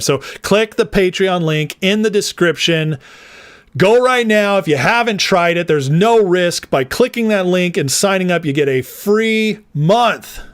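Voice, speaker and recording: A man's voice: on the high side, no echo. A man hosting a casual political commentary livestream, chatty and rambling, laughing often as he talks to his viewers.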